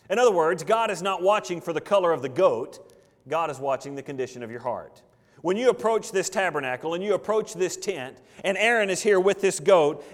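A man preaching a sermon, building force through repeated phrases and then dropping to quiet, earnest emphasis. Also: a little high, long reverb tail. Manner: preaching with rising and falling intensity, repetition for emphasis. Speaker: pastor.

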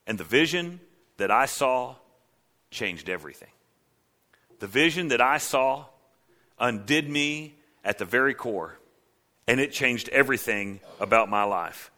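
Bright dramatic male preacher. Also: expressive, measured pace. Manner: dramatic preaching, swings from low hushed lines to loud cries. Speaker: pastor. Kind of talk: sermon.

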